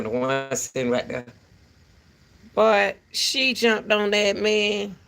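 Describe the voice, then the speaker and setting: A woman hosting a casual rambling chat, animated and talkative, turning between her dogs and her viewers. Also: deep voice, a little hiss or hum. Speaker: commentary channel host.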